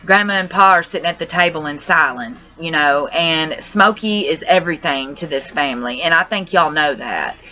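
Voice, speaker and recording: A young woman talks straight to her vlog viewers, rambling and distressed, swearing as she goes. Her voice sits a little low but has a bright, tense edge. The audio is dull and lo-fi. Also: expressive, moderate pace, hardly any pauses. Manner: distressed, rambling, says y'all and cusses. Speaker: vlogger. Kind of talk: emotional personal vlog.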